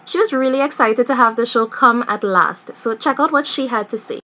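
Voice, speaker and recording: A woman's voice: fairly high pitch, animated, normal speed, bright, forceful tone, dull audio. A woman hosting a vlog, narrating a news segment in a chatty, breezy way. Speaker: vlog host. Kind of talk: scripted narration.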